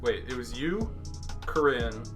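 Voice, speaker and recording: A man's voice: medium pitch, expressive, measured pace, music in the background. A young man co-hosting a podcast, cutting in with blunt, profane remarks in casual chat. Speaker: podcast co-host.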